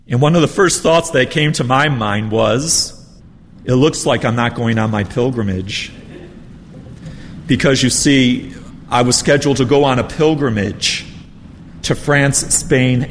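Conversational priest preaching in reverb. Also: male voice, medium pitch, slight background noise. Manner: conversational, self-deprecating, personal anecdotes. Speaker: priest leading a retreat. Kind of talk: storytelling sermon.

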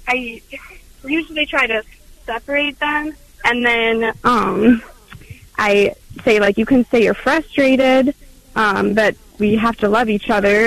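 A young mother of two phones in to a radio show, speaking hesitantly with lots of ums and likes. Her voice is fairly high, and the recording quality is poor.

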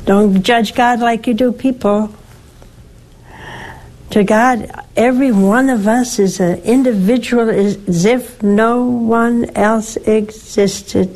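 An older woman, a nun hosting a Catholic call-in show, giving slow, earnest, motherly spiritual counsel to a caller. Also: fairly high pitch, fairly even intonation, darkish tone, low-quality recording.

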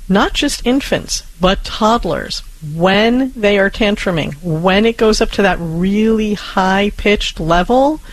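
A co-host giving calm, reassuring parenting advice and speaking directly to a listener. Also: medium pitch, slow pace, hardly any pauses, no echo, low-quality recording. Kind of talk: casual advice chat.

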